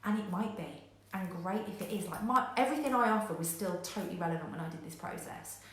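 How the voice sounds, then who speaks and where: A woman business coach giving a motivational talk, energetic and direct, who acts out panicked voices and swears casually. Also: mid-range voice, fast. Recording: very echoey room.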